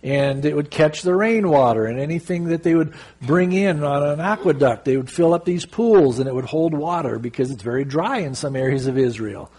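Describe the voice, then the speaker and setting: A middle-aged man from Southern California preaching a sermon, reading scripture slowly and telling stories earnestly. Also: on the high side, husky. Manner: earnest, animated storytelling with slow scripture reading. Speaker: pastor.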